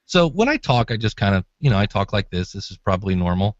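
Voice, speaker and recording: A man's voice: on the low side, fast, no room sound, highs cut off. A man co-hosting a podcast advice show, chatty and demonstrating vocal inflection. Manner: lively, demonstrates voices, chuckles. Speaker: co-host. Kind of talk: casual advice chat.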